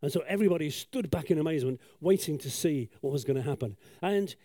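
Man, storyteller, sketchboard painting, mellow, dry, chatty asides. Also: on the high side, lively intonation, quick pace, no room sound. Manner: chatty, self-deprecating, many asides and restarts. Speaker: children's talk storyteller.

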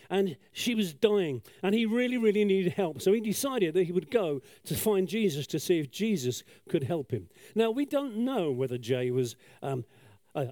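Man, storyteller, sketchboard painting, mellow, dry, chatty asides. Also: on the high side, dry recording. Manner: chatty, self-deprecating, many asides and restarts. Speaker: children's talk storyteller.

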